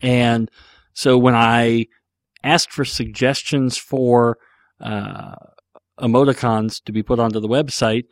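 A man's voice: mid-range voice, fairly even intonation, slow, dry recording, studio quality. Rambling, jokey man hosting a podcast. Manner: rambling, jokey, lots of fillers. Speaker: podcast host. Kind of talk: casual podcast Q&A.

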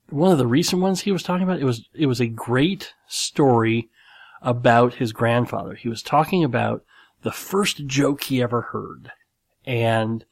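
A man's voice: mid-range voice, no room sound. A man hosting his own show, retelling a story in a loose, rambling way with many restarts and asides. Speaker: podcast host. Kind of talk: casual solo storytelling.

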